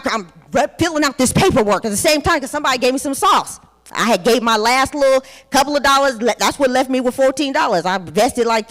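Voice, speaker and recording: Conference speaker: a woman in her forties with a high voice, blunt and profane, in a reverberant hall. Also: fairly bright tone. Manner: candid, blunt, profane storytelling. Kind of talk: personal testimony talk.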